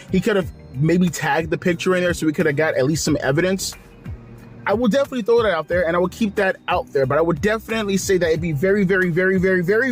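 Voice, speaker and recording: A man hosting a video, ranting with exasperation and profanity and repeating himself. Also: sits high. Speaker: wrestling commentary video host. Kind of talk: angry rant vlog.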